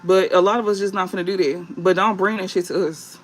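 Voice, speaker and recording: A man hosting a late-night livestream as a tarot reader, talking bluntly and profanely with drawn-out fillers and repeated phrases. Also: high voice, fairly even intonation, soft background music.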